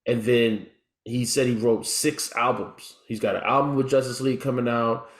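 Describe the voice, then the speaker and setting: A man's voice: mid-range voice, steady tone, moderate pace. A man co-hosting a music podcast, speaking hesitantly with many stammered restarts. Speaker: podcast co-host. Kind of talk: casual chat. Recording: echoey room.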